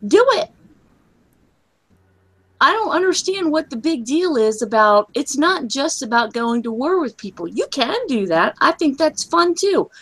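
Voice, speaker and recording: Woman, high-pitched, blunt, profane, emphatic, casual gaming host rant. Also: very animated, measured pace, fairly bright tone.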